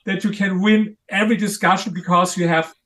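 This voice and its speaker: A man with a high-pitched voice gives a guest interview as an author. He argues in a blunt and assertive way and presses each point home with confidence. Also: steady tone, fairly quick, a bit bright. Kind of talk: argumentative interview talk.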